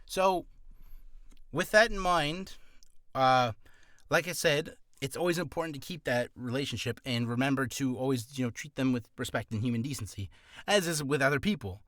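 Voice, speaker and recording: A man's voice: medium pitch, moderate pace, a bit bright, no room sound, studio quality. A man who is a voice actor, giving casual advice in a rambling, self-deprecating, jokey vlog.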